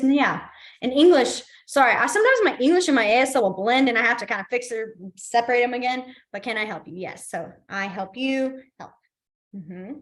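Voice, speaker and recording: A young woman teaching a beginners' class, upbeat and encouraging, with frequent fillers. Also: medium pitch. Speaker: sign language teacher. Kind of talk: casual online class instruction.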